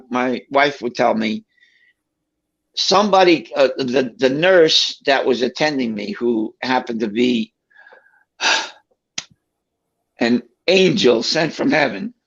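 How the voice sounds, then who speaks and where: A man with a gravelly voice tells a story in a relaxed, chatty way. He brings it to life by acting out what each person said. The recording sounds a little dull and lo-fi. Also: medium pitch, takes it slowly, long pauses. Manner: animated, acts out quoted voices.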